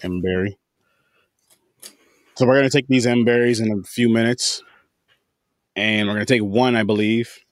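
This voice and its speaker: A man's voice: lowish voice, steady tone, normal speed, long pauses, no echo, studio quality. A man hosting a casual podcast chat, laid-back, swearing now and then and joking with his guests. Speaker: podcast host.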